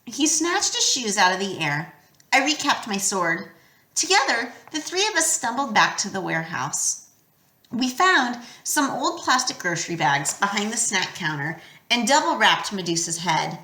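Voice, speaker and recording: A woman narrating a storybook aloud with a lively, expressive delivery. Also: mid-range voice, normal speed. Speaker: audiobook reader. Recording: roomy echo.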